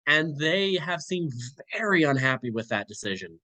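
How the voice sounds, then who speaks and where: A young man chatting as a player in a tabletop game, asking quick, casual questions. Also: on the high side, big pitch swings, sharp tone, dry recording.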